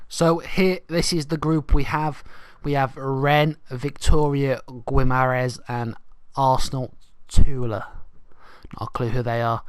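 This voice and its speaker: A man's voice: mid-range voice, fairly even intonation, slow, smooth, no room sound. A young man giving casual, rambling let's-play commentary, thinking aloud as he goes. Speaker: gaming channel host.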